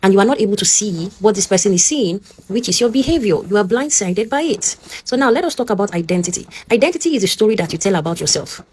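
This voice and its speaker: A woman's voice: medium pitch, expressive, quick pace, hardly any pauses, a little mellow, slightly rough. A woman with a Nigerian English accent giving a motivational teaching talk, speaking earnestly and directly to the listener and often checking in with them.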